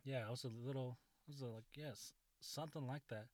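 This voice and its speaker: A man's voice: mid-range voice, fairly even intonation, brisk, a little mellow, no echo. Man, 30s, casual profane storyteller, rambling delivery, dry recording. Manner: rambling, profane, laughing often.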